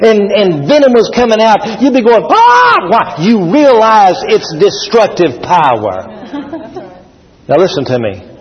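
Animated preacher man in a reverberant hall. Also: high voice, unhurried. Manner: animated, shouting and laughing, acting out scenes. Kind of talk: sermon. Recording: dull sound with long hall reverb.

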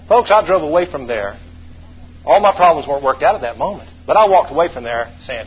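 A man preaching a sermon, telling homey stories and leading his congregation in call-and-response, moving between quiet asides and loud, emphatic stretches. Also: fairly high pitch, expressive, fairly quick, breathy edge, muffled recording.

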